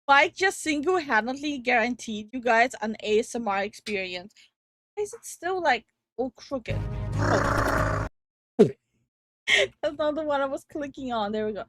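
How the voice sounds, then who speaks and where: A woman's voice: on the high side, lively intonation, a little slow, pauses often, a bit bright, soft background music. Giggly, drawling woman. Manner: giggly, teasing, chatty. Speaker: streamer and co-host. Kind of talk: casual stream chat.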